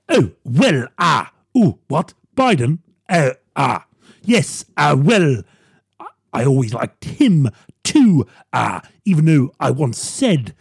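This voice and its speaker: A man doing an impression of a bumbling older male politician, stammering with constant drawn-out ums and ahs. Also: medium pitch, vocal fry, slightly rough, no echo, clean studio sound, voice pushed down, full character voice.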